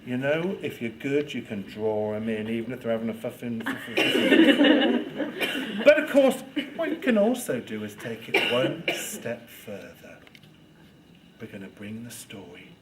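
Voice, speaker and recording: A man's voice: mid-range voice, very animated, moderate pace, crowd noise. A man leading a storytelling workshop with playful, demonstrative, teasing delivery. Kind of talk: lively workshop talk to students. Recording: loud background noise.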